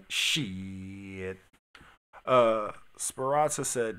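A man's voice: on the low side, fairly bright tone. Slangy man reacting to news live. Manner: reads news aloud and reacts with blunt slangy asides. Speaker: streamer host. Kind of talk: casual live-stream commentary.

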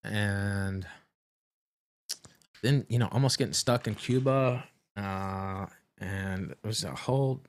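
Stream host, male, very low voice, halting and rambling, casual personal storytelling. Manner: halting and rambling, with many fillers and restarts. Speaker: livestream host.

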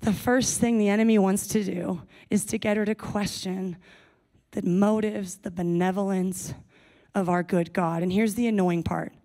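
A woman's voice: mid-range voice, fairly even intonation, normal speed, mellow. A young adult woman giving a sermon to a young adults service, speaking casually and playfully with jokey asides.

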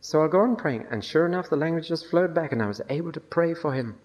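A man's voice: on the high side, lively intonation, quick pace, darkish tone. An older man preaching a sermon, telling a personal testimony with wry, dry humor. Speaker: Bible teacher.

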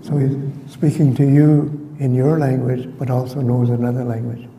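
An older Canadian man, a community elder, gives a reflective talk in a lecture hall. His voice is medium-pitched, level, and dark in tone, and he speaks unhurriedly, often restarting.

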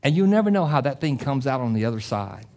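A middle-aged man preaching a sermon as pastor. He talks with passion, often repeats and restarts phrases, and climbs to loud, emphatic peaks. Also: mid-range voice, very animated, quick pace. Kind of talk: sermon with closing prayer.

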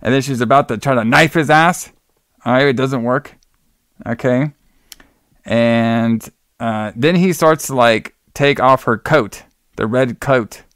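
A man's voice: mid-range voice, unhurried, a bit bright, no echo, studio quality. A man co-hosting a podcast, loosely and crudely retelling a film's plot. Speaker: podcast co-host. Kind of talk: casual movie recap.

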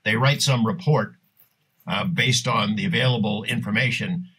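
A man's voice: fairly low pitch, normal speed, pushed and bright, husky, low-quality recording. A man hosting a podcast, recalling past conversations in casual chat with hesitant fillers.

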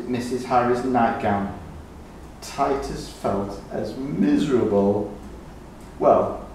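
A man reading a children's picture book aloud, slow and expressive. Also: mid-range voice, slight background noise. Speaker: children's story reader. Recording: echoey room, distant mic.

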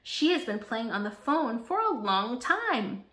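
A friendly flying computer chip, voiced by a woman storyteller, chats with children in a playful, teaching tone. Its voice is a little high and very lively. A roomy echo hangs over the storybook reading. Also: unhurried.

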